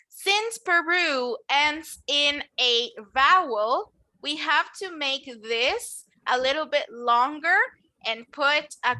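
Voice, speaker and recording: Woman, English teacher, high bright voice, encouraging classroom tone. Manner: encouraging, models words for students to repeat. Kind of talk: classroom lesson.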